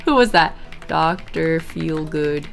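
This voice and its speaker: A young woman casually chatting while streaming a video game. She talks in a chatty, easily distracted way, with bursts of excited exclamations. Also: sits low, slow pace, creaky. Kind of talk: casual live gameplay commentary.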